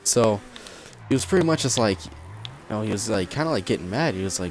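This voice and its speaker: Young male vlogger, low voice, chatty and rambling, acts out the quotes in a faintly noisy room. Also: lively intonation, fast talker. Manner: rambling, lots of "like" and acted quotes. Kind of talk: casual storytelling while gaming.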